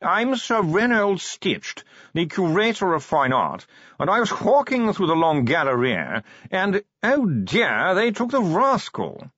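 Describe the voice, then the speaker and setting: A man's voice: high voice, big pitch swings, fairly bright tone, dry recording, lo-fi sound, pitched above the performer's own voice, exaggerated voice. A man voicing a fussy, posh male art curator who drawls as if yawning, in an audiobook. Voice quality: drawling, yawning upper-class speech. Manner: slow, dithering, condescending. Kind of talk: audiobook character voice.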